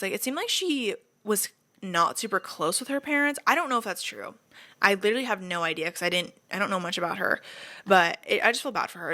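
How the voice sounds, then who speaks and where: Young woman podcast host with a bright voice, casual and chatty, swears freely and plays out what people said. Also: medium pitch. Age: young adult. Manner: acts out quoted lines with voices. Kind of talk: casual storytelling chat.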